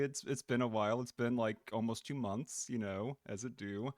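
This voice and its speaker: A man live-streaming a video game in casual chat, goofy and excitable, swearing and greeting his chat by name. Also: mid-range voice, brisk, few pauses, no echo, clean studio sound. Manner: goofy, excitable, swears, drops into silly voices.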